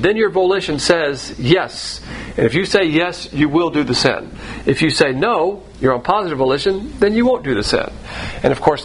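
A man's voice: a little high, a little hiss or hum, rough recording. Man teaching Bible verses, chatty. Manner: conversational, repeats phrases, restarts sentences.

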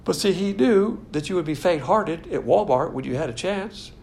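Male preacher, casual sermon, gravelly voice, faint noise behind. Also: sits high, normal speed. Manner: animated, jokey, mimics imagined people in quoted voices.

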